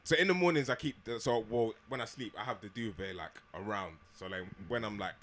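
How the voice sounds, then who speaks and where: A man's voice: lowish voice, brisk, fairly bright tone, slight background noise. A young man, co-hosting a podcast, rambling and laughing in casual chat. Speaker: podcast co-host.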